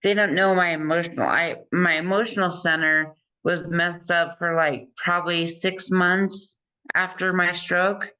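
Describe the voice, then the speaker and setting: A woman hosting an interview, earnest and encouraging, speaking slowly and carefully after a stroke. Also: lowish voice, fairly even intonation, clean tone, dull audio. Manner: earnest and encouraging, laughs often. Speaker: interview host. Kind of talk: casual conversation.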